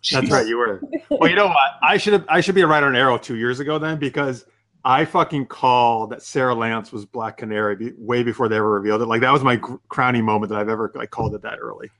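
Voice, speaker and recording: A man's voice: medium pitch, quick pace, a bit bright. Chatty male podcast host who swears. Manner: loose and chatty, swears freely. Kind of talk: casual podcast chat.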